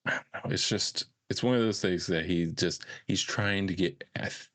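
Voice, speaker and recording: A man's voice: deep voice, moderate pace, fairly bright tone, no room sound. A man co-hosting a podcast, talking about a film in loose, rambling and profane banter. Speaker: podcast co-host. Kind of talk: casual chat.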